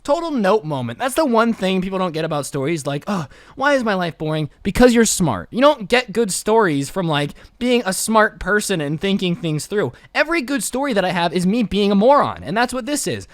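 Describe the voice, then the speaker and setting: A man's voice: sits high, big pitch swings, a little fast, few pauses, no echo, clean studio sound. A young man telling a story in a casual, jokey way, with slangy asides. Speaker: storytime YouTuber.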